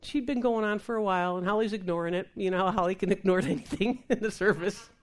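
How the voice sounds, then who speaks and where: A woman minister telling a lively testimony in conversation, acting out the voices of the people in her story and laughing as she goes. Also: medium pitch, fast talker. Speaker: Christian minister. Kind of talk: testimony talk show conversation.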